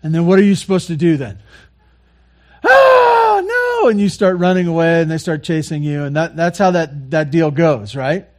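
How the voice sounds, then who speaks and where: A man preaching a sermon, earnestly repeating key phrases and moving between quiet, soft lines and louder passages. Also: fairly high pitch, steady tone, brisk, few pauses. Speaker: pastor.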